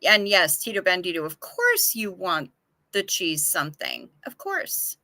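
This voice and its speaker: A woman's voice: lowish voice, wildly swooping pitch, unhurried, pushed and bright, no room sound. A woman hosting a casual livestream, chatting frankly and swearing freely as she answers viewer comments. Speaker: livestream host.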